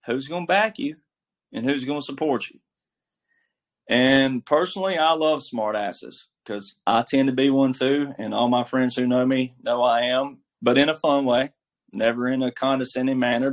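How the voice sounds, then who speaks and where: A man's voice: medium pitch, fairly even intonation, normal speed. A man giving casual political commentary as a guest, emphatic and preachy, with a folksy, filler-heavy way of talking. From military background.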